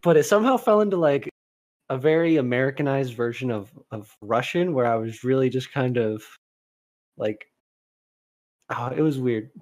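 A man co-hosting a podcast in casual chat. He rambles with lots of fillers and has sudden animated bursts. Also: mid-range voice, moderate pace, long pauses. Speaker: podcast co-host.

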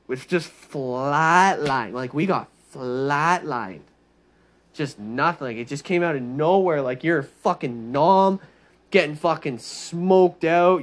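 Casual rant from a man with a slightly high voice, swearing nonstop, sarcastic and mocking, rambling on and getting animated. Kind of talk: profane monologue rant.

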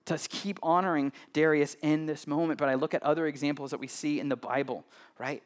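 A man's voice: on the high side, steady tone, fairly quick. A man preaching a sermon as pastor, talking to the congregation in a loose, conversational way, often adding "right?" and joking with them.

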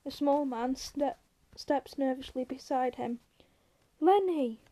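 Woman, audiobook narrator, high pitch, mellow tone, steady even reading. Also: a little slow, poor audio.

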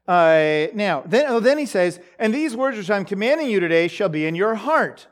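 A man with a high-pitched voice gives a relaxed Bible teaching, working through the text out loud. He talks haltingly, with many fillers and restarts, and keeps checking in with his listeners through questions. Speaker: preacher.

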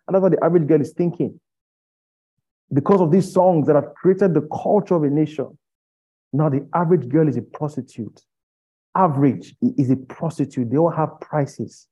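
A man preaching an impassioned sermon, firing rhetorical questions at his listeners and rising to loud pleading. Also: on the high side, moderate pace, husky. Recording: dull lo-fi recording.

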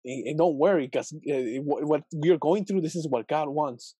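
Young male host, casual scripture musing, slightly high mellow voice, dry close sound. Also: normal speed, husky, dry recording. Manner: thinking aloud, many fillers and rhetorical questions. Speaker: video host reflecting on scripture. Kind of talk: casual Bible reflection video.

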